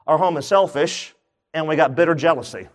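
A man's voice: a little high, a little fast. A man preaching a sermon, asking his congregation questions and joking as he goes. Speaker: pastor. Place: church.

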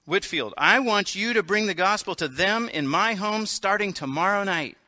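A man's voice: sits high, expressive, normal speed, sharp tone, dry recording, pitched above the performer's own voice, exaggerated voice. A man voicing a fervent English noblewoman. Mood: determined. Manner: fervent, rising and emphatic. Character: blunt passionate aristocratic English noblewoman, widowed.

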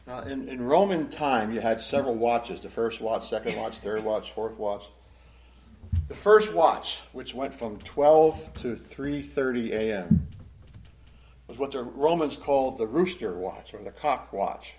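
Animated man teaching the Bible. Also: medium pitch, moderate pace. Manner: animated, acts out quotes.

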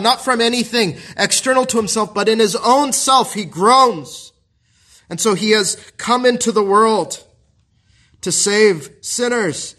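Earnest male preacher, fairly high voice, pastoral sermon, many rhetorical questions. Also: pushed and bright.

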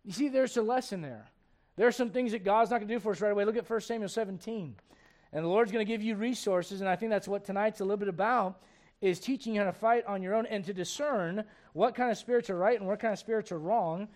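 A man preaching with a strikingly high-pitched voice. He is animated, keeps throwing questions out to the congregation, and acts out the people he quotes. He sounds like he is in his forties. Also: quick pace. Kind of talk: sermon.

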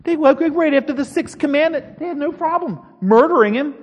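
High-voiced man teaching Bible class. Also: a little fast, big-room sound. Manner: earnest, rambling, asks the class questions. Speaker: Sunday school teacher.

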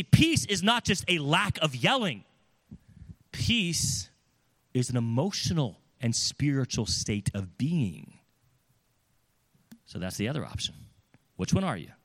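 A man preaching a sermon, lively and conversational, acting out the voices of the people in his examples. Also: fairly high pitch. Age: adult with children. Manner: animated, acts out quoted voices.

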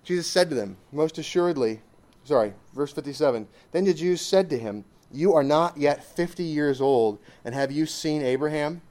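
A man preaching to a church assembly, reading scripture and then commenting on it emphatically, swinging between loud stresses and hushed asides. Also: fairly high pitch, moderate pace.

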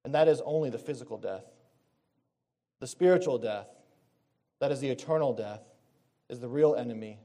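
A man's voice: mid-range voice, mellow. A man preaching a sermon in an earnest way, reading scripture aloud and correcting himself as he goes. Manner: earnest, reads scripture aloud and rephrases himself mid-sentence.

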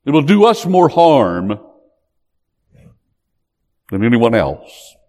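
A man preaching a sermon in an animated, emphatic way. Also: medium pitch, slow. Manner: animated, emphatic, acts out quotes.

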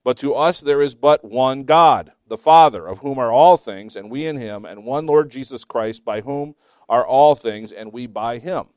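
A man teaching a Bible class, reading scripture slowly with emphasis between chatty asides and small self-laughs. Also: medium pitch, darkish tone, no room sound, studio quality.

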